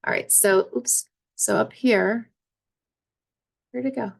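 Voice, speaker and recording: A woman's voice: mid-range voice, slow, gravelly. A woman presenting a career webinar as a resume coach, talking casually and checking in with her listeners often.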